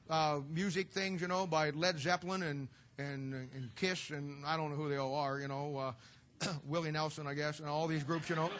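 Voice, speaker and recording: Folksy joking preacher man, bright voice. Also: sits high. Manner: folksy, joking, sarcastic asides. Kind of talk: humorous sermon storytelling.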